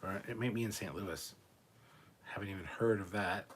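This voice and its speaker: A man in his forties with a fairly low voice chats casually on a livestream. He reads viewer comments aloud in an offhand, easygoing way, tossing in fillers and the odd swear word. Faint background noise sits under his voice. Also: moderate pace. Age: 40s. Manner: laid-back and offhand, with frequent fillers and swearing. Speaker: podcast co-host.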